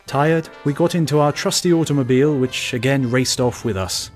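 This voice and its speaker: A man reading a travel story aloud as an audiobook narrator, measured and steady. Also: mid-range voice, soft background music. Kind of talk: scripted narration.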